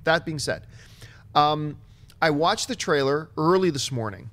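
A man giving his opinions in a casual movie panel chat, talking in an animated way. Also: a little high, a little slow. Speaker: movie talk show panelist.

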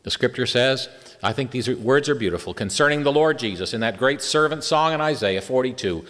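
A middle-aged man preaching a sermon as a Bible teacher, earnest and slowing down to stretch key words for emphasis. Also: mid-range voice, lively intonation, fairly bright tone. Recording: long hall reverb.

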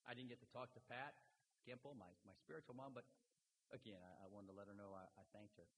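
A man in his fifties preaching a sermon, swinging from shouted high points down to low, quiet stretches. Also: fairly even intonation, fast. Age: 50s. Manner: dramatic preaching, shouting at climaxes then dropping low. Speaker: pastor. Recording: echoey hall with faint hiss.

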